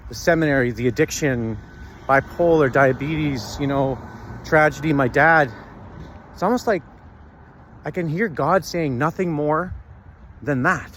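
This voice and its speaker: A man talking earnestly and haltingly to camera while walking outdoors, often pausing to search for words. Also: a little high, fairly bright tone, slight background noise. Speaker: vlogger. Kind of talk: reflective personal talk.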